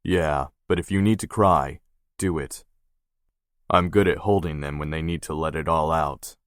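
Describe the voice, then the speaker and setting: A man voicing a gruff, guarded young male tattoo artist who talks curtly and swears. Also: very deep voice, fairly even intonation, normal speed, no echo, studio quality. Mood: soothing. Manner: curt, swearing.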